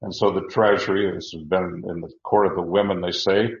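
A man teaching a verse-by-verse sermon, halting with many restarts and slowing to stress key words. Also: sits low, flat delivery, reverberant, lo-fi sound. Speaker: Bible teacher.

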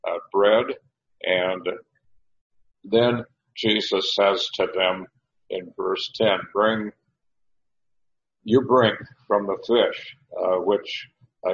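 A man teaching through a Bible passage verse by verse, in an unhurried, conversational way that explains each line as he reads it. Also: fairly low pitch, dull audio.

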